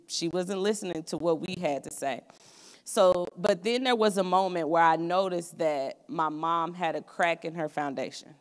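Speaking earnestly and conversationally, a young woman shares personal stories as a student preacher in a college chapel. Her pitch is fairly low, and the room leaves a long reverb tail.

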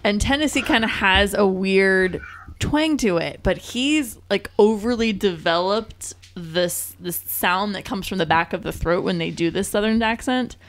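Animated chatty woman podcaster. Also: mid-range voice, unhurried. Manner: animated storytelling, swears casually. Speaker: podcast co-host. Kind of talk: casual chat.

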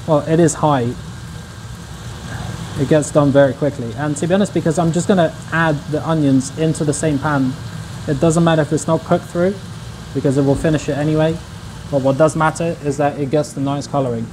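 A man's voice: fairly high pitch, steady tone, brisk, noisy background. A young man casually chatting to his viewers while he cooks on a livestream, in a laid-back, slangy way. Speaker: streamer. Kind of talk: casual cooking livestream chat.

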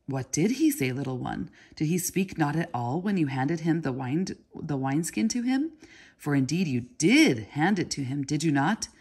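A woman's voice: low-pitched, animated, normal speed, a little mellow, husky. A woman reading aloud voices a fawning male Babylonian porter with a reedy, hissing voice and oily manner. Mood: prying. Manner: oily and ingratiating.

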